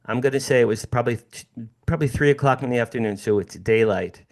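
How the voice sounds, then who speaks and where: Man, 60s, from New Jersey; guest speaker, lively storyteller who repeats key phrases and addresses the room. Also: medium pitch, quick pace, vocal fry. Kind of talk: personal storytelling talk.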